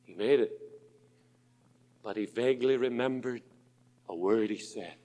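A man preaching a sermon in an auditorium, slow and impassioned, dropping to a hush and rising to loud pleas. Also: mid-range voice. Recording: long hall reverb.

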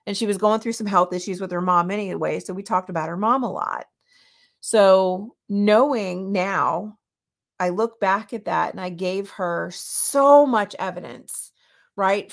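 A middle-aged woman hosting a podcast, telling a personal story in a casual, animated way and acting out the dialogue. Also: fairly low pitch. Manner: animated, acts out quoted dialogue. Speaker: podcast host.

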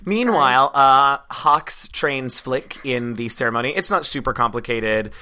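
A man running a tabletop game as game master, narrating the lore and the scenes. His voice has a bright edge, and he keeps an easy, unhurried storyteller pace with plenty of filler words. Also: medium pitch. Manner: relaxed storyteller with frequent "uh" fillers.

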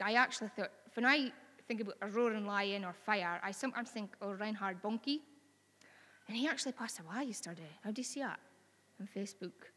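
A woman's voice: mid-range voice, a bit bright, long reverb tail. A woman with a Scottish accent preaching a sermon in a chatty, earnest way that rises to bold exhortation.

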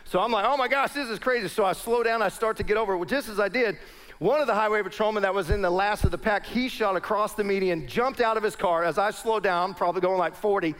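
A man's voice: high-pitched, fast, smooth. A middle-aged pastor, telling a personal story to his congregation as part of a sermon. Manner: animated storyteller addressing a congregation.

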